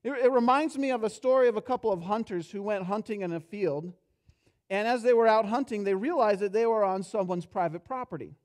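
A pastor preaching a sermon in a church, telling a story and acting out its characters, dropping soft and low for reflective points. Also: male voice, brisk. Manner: storytelling, acts out characters' lines with rising energy. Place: church sanctuary.

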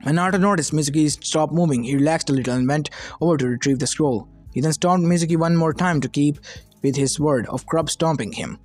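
Brief: male fan fiction reader, slightly high voice, plain delivery, soft lofi music bed. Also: a little fast. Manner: plain reading with slips. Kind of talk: reading fan fiction aloud.

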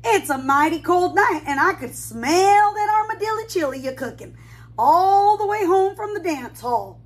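A woman's voice: very high voice, expressive, moderate pace, pitched above the performer's own voice. A woman voicing a folksy male cowboy armadillo who sweet-talks his way toward a meal. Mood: friendly.

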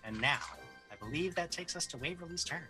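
A man's voice: fairly high pitch, expressive, a little fast, over music. A man running a tabletop role-playing game as game master, describing the scene vividly and laughing easily with his players.

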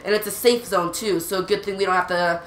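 A woman narrates her own gameplay as it happens, excitable and quick to cry out, often tripping over her words. Her voice sits at an ordinary pitch for a woman. It carries a noticeable room echo with faint background noise. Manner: excitable, repeats urgent exclamations, stammers often. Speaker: gaming channel host. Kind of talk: live gameplay commentary.

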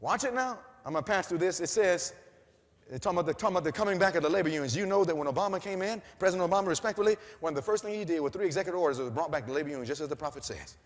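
A male preacher with a high, ringing voice delivers a sermon, firing questions at his listeners and answering them himself. His voice swings between quiet asides and shouted climaxes, and a long reverb from a large hall trails behind every phrase. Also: expressive, very fast. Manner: call-and-response questions, rising to shouts.

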